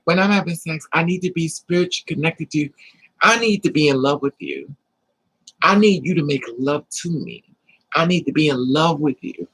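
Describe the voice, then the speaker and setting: Sassy husky-voiced woman chatting on a livestream. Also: fairly low pitch, a bit bright, poor audio. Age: middle-aged. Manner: sassy and emphatic, repeats lines, calls listeners honey. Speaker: livestream host. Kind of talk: casual livestream chat.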